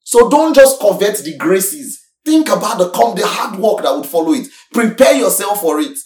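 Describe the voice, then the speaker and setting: A preacher giving an emphatic sermon who repeats points, swings between loud and soft, and keeps asking listeners to agree. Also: mid-range voice, sing-song, moderate pace, soft background music. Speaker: preacher teaching a congregation. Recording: echoey hall, voice from far off the mic.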